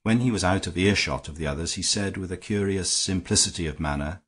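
A man narrating an audiobook in a steady storytelling manner. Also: sits low, fairly quick, hardly any pauses. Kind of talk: scripted narration.

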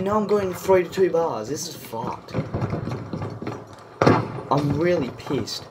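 A man's voice: on the high side, animated, takes it slowly, heavy background noise. A man giving gameplay commentary while he plays, swearing constantly and ranting in frustration. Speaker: gamer. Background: game music and sound effects.

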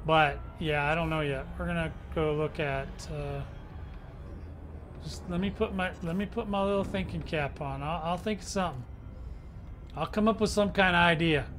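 Man, gaming channel host, slightly high voice, rambly and slangy, faint noise behind. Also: normal speed, fairly bright tone. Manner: rambling, slangy, self-mocking. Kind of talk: casual gameplay commentary.

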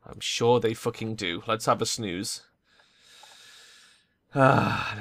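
A man's voice: lowish voice, takes it slowly, long pauses, fairly bright tone, dry recording. A man giving sarcastic, mischievous gaming commentary, swearing freely. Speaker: gamer playing through an RPG.

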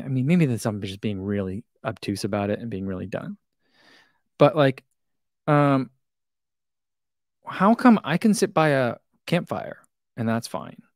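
A man's voice: medium pitch, no echo. Rambling man, dry close sound. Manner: rambling, self-deprecating, many fillers. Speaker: running channel host. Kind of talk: casual chat reading live comments.

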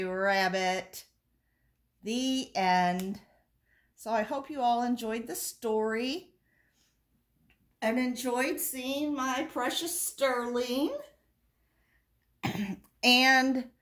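A woman hosting a doll channel, reading a children's story aloud to camera in a gentle, lilting way. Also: a little high.

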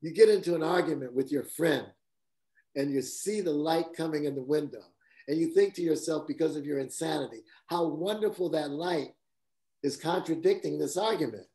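Lively raised-pitch man telling stories. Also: moderate pace. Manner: lively, laughs often, acts out quotes. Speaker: guest cinematographer. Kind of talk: casual anecdotal storytelling.

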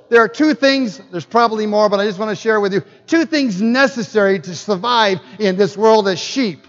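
Speaking in a high voice at a moderate pace with few pauses, a man preaches as a guest pastor in a church hall, animated and joking as he asks the audience questions. The audio is dull lo-fi with a long hall reverb.

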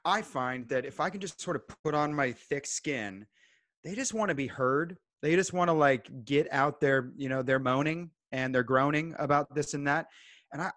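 A man guesting on a podcast, giving calm, measured advice in casual chat. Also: a little high, no room sound. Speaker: guest home inspector.

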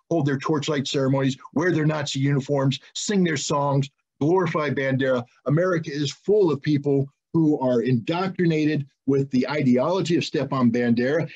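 A man's voice: on the high side, a little mellow, husky. A man giving an interview who speaks indignantly, building to emphatic rhetorical questions. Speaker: interview guest. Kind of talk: impassioned interview answer. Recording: dull lo-fi audio.

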